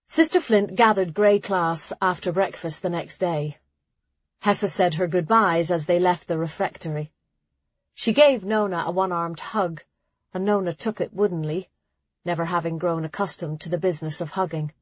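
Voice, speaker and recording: A woman narrating an audiobook in a steady storytelling reading. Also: fairly low pitch, normal speed, slightly rough, dry recording. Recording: dry, slightly dull lo-fi sound.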